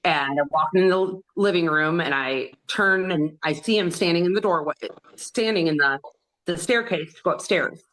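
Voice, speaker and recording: Low-voiced woman recounting a painful memory. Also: fairly bright tone. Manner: earnest, halting retelling of a painful memory; acts out others' words in quoted dialogue. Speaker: podcast guest. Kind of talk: personal storytelling in an interview.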